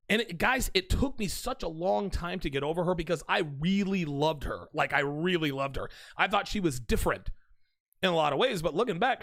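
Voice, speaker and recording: A man's voice: sits high, vocal fry, a bit bright, no echo. A man hosting a dating-advice channel, talking bluntly and casually to his viewers and calling them guys and dude. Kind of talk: casual straight-to-camera monologue.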